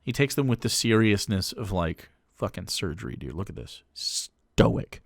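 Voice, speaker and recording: A man talks over a clip on his live stream, mocking it with crude, casual jokes. His pitch swoops widely, and the dry sound has little room echo. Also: very animated, moderate pace, gravelly. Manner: mocking, profane, swings between jokes and asides.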